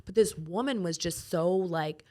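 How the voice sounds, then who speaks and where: A woman's voice: fairly low pitch, unhurried, warm tone. A woman from Canada, a guest on a talk show, telling her personal story frankly and conversationally, with lots of fillers. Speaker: guest, trafficking survivor and peer advocate.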